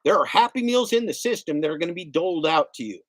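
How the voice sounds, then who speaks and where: A man's voice: fairly high pitch, animated, fast, no echo. A middle-aged man ranting in a casual livestream, emphatic and sarcastic, repeating his points. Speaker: gig delivery driver streamer.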